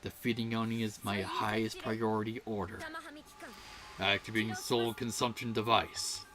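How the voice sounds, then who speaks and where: A woman voicing a solemn ancient female demon slayer who consumes souls, speaking gravely and with resolve. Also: a bass voice, level tone, moderate pace, music in the background. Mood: cold resolve.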